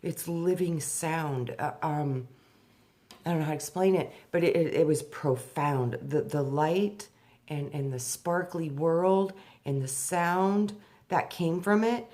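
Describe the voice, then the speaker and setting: Her personal spiritual storytelling moves slowly and softly through its deeper moments. Once she slips into a memory she's animated, her voice rising sharply to act out the girl she once was.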